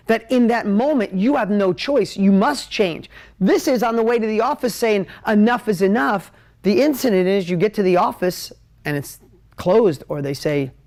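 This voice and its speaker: A man teaching at a whiteboard on a live stream, emotional and animated, jumping between ideas and talking straight to his viewers. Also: high voice. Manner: talks straight to viewers, asks for comments. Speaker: business coach hosting a live stream.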